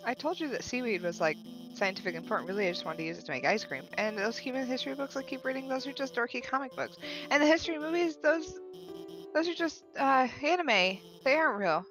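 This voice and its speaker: A woman's voice: high-pitched, lively intonation, fast talker, over music, poor audio. A woman reading a flustered nerdy lizard scientist. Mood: nervous. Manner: flustered, stammering confession. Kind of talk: reading video game dialogue aloud.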